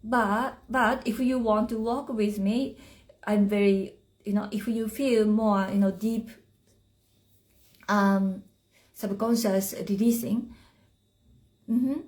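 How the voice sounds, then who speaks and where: A woman whose first language is Japanese leads a live spiritual chat in unhurried, halting English. Her voice is mellow and warm, and she pauses often to find the right phrase. She is talking into a phone. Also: mid-range voice, steady tone. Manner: halting, searching for words in English. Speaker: spiritual teacher.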